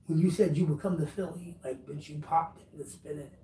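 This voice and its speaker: A woman's voice: low-pitched, steady tone, a little fast, few pauses. A woman YouTuber in a direct-address rant vlog, blunt, profane and lecturing, recorded with a distant mic in a roomy space with faint noise behind her.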